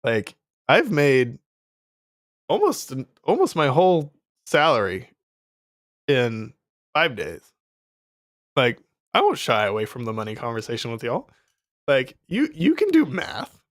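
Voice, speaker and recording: A man's voice: medium pitch, huge pitch swings, unhurried, pauses often, a bit bright, no room sound, clean studio sound. Chatty man rambling on a livestream. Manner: rambling, laughs often, many fillers. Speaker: streamer selling his course. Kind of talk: casual livestream chat.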